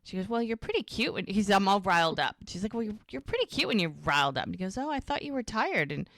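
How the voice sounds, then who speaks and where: A woman co-hosting a TV rewatch podcast, retelling scenes in a lively, chatty way and acting out the characters' lines. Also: mid-range voice, fast, no room sound. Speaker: podcast co-host. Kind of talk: casual rewatch podcast recap.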